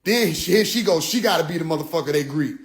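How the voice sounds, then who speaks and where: A man telling a story in a comedic rant, animated, profane and full of slang. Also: a little high, fast. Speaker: vlogger.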